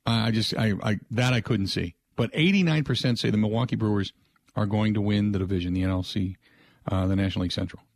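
A man's voice: on the low side, quick pace, no room sound. Male radio host, casual and rambling, in a dead studio. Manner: rambling, frequent restarts and filler asides. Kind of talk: casual sports talk radio.

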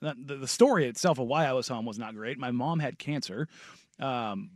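A man's voice: mid-range voice, expressive, normal speed, no echo, clean studio sound. A man co-hosting a radio show, telling stories with enthusiasm, using lots of "like" and "uh". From Oregon, United States. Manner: enthusiastic storyteller, many fillers. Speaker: radio co-host. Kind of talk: casual sports radio chat.

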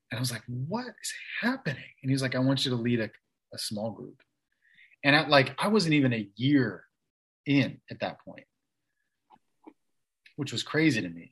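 Male guest, 30s, mid-pitched, loose chatty storyteller with frequent fillers and restarts. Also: a bit bright, poor audio. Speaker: interview guest. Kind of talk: casual storytelling.

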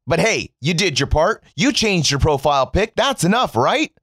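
A man from the United States delivers a mocking, profane commentary monologue. His pitch rises and falls widely as he goes, and the sound is dry and close with almost no room around it. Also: very animated, normal speed, fairly bright tone, no room sound. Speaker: political commentator. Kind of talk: sarcastic opinion monologue.

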